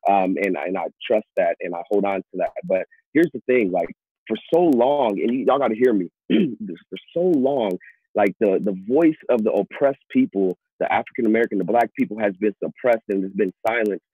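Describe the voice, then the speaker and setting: A husky-voiced man pastor talks earnestly, circling back and restarting his phrases as he works through a point. The sound is thin and phone-like, dry with no room around it. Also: fairly low pitch, animated, moderate pace, no room sound. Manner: earnest, repeats and restarts words. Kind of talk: casual talk show discussion. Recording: tinny phone-like audio.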